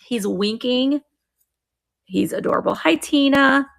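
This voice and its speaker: A middle-aged woman hosting a live online auction of vintage items, chatting warmly and greeting viewers by name as she describes each piece. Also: sits high, measured pace, gravelly. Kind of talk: live-stream sales chat.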